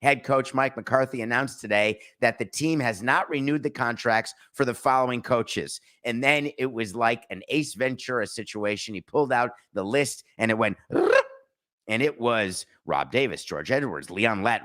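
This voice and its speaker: A man's voice: mid-range voice, moderate pace, a bit bright. A middle-aged man hosting a sports podcast, giving casual, sarcastic commentary and slipping into mock voices.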